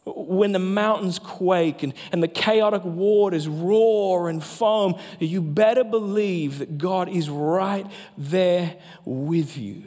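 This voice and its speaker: Man preaching, high voice, emphatic, long reverb from a large hall. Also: darkish tone. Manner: emphatic preaching, slows down for key phrases. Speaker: pastor. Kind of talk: sermon.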